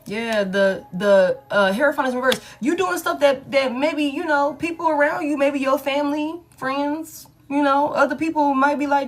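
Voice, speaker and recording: A woman's voice: sits high, normal speed, few pauses. Blunt, slangy woman reading tarot. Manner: blunt, slangy, affirming, swears freely. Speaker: tarot reader. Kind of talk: casual collective tarot reading.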